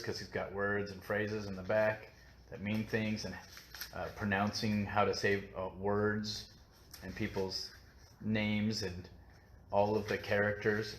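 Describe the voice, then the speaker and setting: A man's voice: lowish voice, fairly bright tone. A man hosting a casual live-stream book chat, talking on at length in a rambling, self-mocking way with lots of filler.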